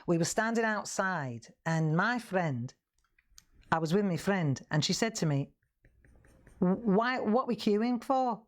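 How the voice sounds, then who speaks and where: A woman's voice: medium pitch, expressive, slow pace. A woman voicing a chatty older female customer with a Scouse accent, telling a story with gossipy relish. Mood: amused.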